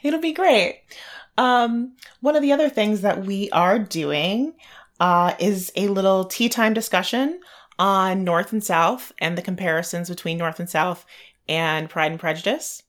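A woman's voice: medium pitch, a little slow. A woman co-hosting a chatty podcast. She rambles and laughs easily. She sounds tired, like she hasn't had her coffee yet. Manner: giggly and rambling. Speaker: podcast co-host. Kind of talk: casual podcast chat.

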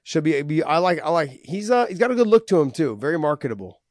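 A man's voice: a little high, very animated, quick pace, darkish tone, no room sound. A man hosting a podcast in casual chat, easygoing and rambling, swearing freely. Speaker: podcast host.

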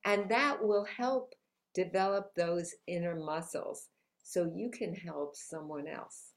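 A slow, lowish female voice belongs to an author guesting on a conversational interview in New York City. She sounds upbeat and motivational and laughs frequently.

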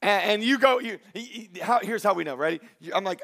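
A man preaching a sermon with a high voice. He talks in an animated, joking way and acts out the voices of the people he quotes. He sounds like a pastor speaking to his congregation. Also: a little fast, gravelly, hardly any pauses.

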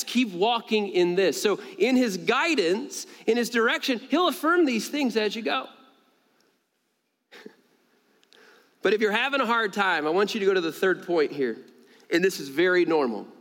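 A man preaches to his congregation in a high, lively voice. He jumps up in pitch to drive his points home and laughs between stories. His words ring out with the long reverb of a large church sanctuary. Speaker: pastor. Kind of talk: sermon.

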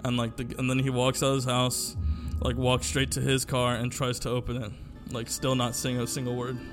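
A man's voice: medium pitch, completely flat delivery, a little fast, music in the background. A young man co-hosting a podcast, telling a long story in casual chat, rambling with lots of fillers and swearing. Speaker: podcast co-host.

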